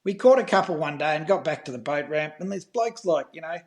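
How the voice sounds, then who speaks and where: A middle-aged Australian man telling fishing stories in a casual podcast chat, animated and swearing freely. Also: fairly high pitch, a little fast. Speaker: guest, fishing filmmaker.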